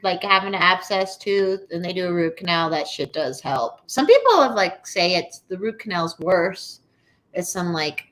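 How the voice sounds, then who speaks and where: A woman's voice: medium pitch, fairly bright tone. A woman in her thirties, co-hosting a podcast in casual chat, ranting bluntly and swearing freely. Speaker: podcast co-host.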